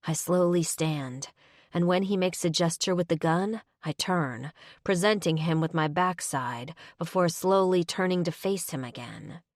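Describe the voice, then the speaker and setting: A woman narrating a first-person audiobook with expressive, dramatic inner monologue, on a close studio mic. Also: lowish voice, unhurried, no echo.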